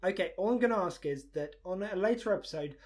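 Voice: mid-range voice, expressive, fast talker, darkish tone. A podcast host chatting casually, earnest and enthusiastic, with some swearing.

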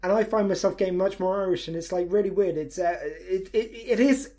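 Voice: mid-range voice, a little fast, warm tone. Podcast host, mid-range voice, earnest enthusiast, casual chatter.

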